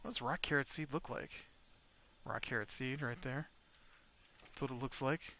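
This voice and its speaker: A man's voice: mid-range voice, fairly even intonation, normal speed, bright, forceful tone. A man rambling through casual gameplay commentary as a video host, chatting to his in-game pet dinosaur.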